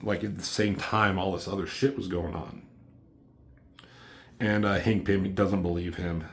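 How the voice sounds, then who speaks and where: Low-voiced man rambling through a comic review. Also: steady tone, measured pace. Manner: loose, rambling, filler-heavy, swears casually.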